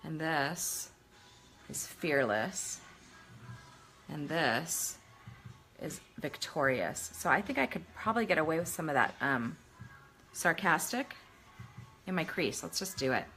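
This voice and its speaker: A middle-aged woman with a deep, fairly bright voice speaks slowly and animatedly, pausing often, with faint music in the background. Chatting casually through a makeup tutorial, she talks while working and is self-deprecating.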